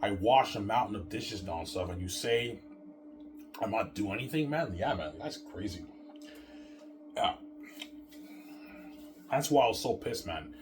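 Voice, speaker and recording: A man's voice: lowish voice, expressive, unhurried, pauses often, over music. A man in a casual rant to his viewers, rambling and stammering, repeating the same filler words and swearing often. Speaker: vlogger.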